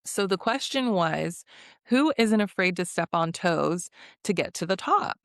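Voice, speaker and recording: A woman's voice: lowish voice, lively intonation, measured pace, no echo, clean studio sound. A young woman recapping a reality show in a chatty, laughing way, acting out what the cast said. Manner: chatty, laughs often, acts out quotes. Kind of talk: casual recap vlog.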